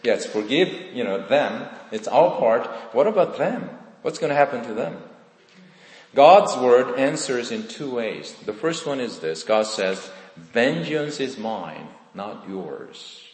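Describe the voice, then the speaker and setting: Man preaching in an echoey hall. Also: medium pitch. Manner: earnest, questioning the congregation directly. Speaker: pastor. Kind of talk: sermon. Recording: echoey hall with long reverb.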